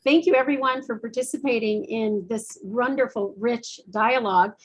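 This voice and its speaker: A woman's voice: a little high, normal speed, rough recording. A woman host wrapping up a virtual summit session, thanking everyone in an upbeat way. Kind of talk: event announcement.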